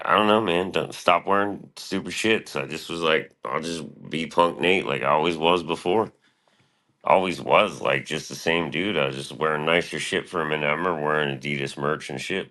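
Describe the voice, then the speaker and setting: A man's voice: rumbling low, creaky, sharp tone. A middle-aged man streaming, talking in a profane, meandering, laid-back monologue. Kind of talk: casual rambling monologue.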